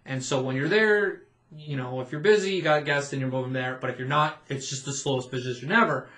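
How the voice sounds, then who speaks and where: A man's voice: medium pitch, a little fast, a bit bright, roomy sound. A man telling stories in casual podcast chat, often laughing and acting out the voices of people in his stories. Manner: laughing storyteller, acts out quoted voices. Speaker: podcast co-host, former theme park cast member.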